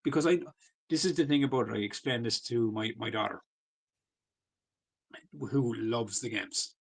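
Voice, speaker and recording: Gravelly man in casual podcast chat. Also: medium pitch, normal speed. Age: 40s. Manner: loose, swearing, full of fillers. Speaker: podcast co-host.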